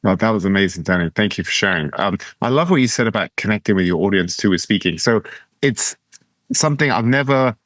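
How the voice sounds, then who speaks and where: Male podcast host, low-pitched, hesitant, lots of restarts, dry close sound. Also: animated, quick pace, no room sound. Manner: hesitant, restarts often, warmly affirming. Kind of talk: conversational podcast interview.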